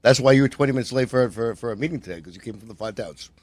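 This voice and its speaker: A man's voice: mid-range voice, very fast, slight background noise. A man who is a chef, talking in a studio, friendly and joking, explaining his craft patiently. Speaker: chef and restaurant owner. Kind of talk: casual studio chat. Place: radio studio.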